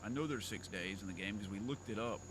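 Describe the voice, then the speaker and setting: A man's voice: on the low side, fast, noisy background. A man giving rambling, joking commentary while streaming a game. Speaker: gaming streamer. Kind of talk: casual playthrough commentary. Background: game music.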